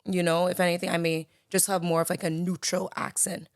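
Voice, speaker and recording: Chatty young Bahamian woman, low voice. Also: little pitch movement, a little fast, no echo, clean studio sound. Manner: chatty, leans on "like" and "you know". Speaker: podcast guest. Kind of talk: casual conversation.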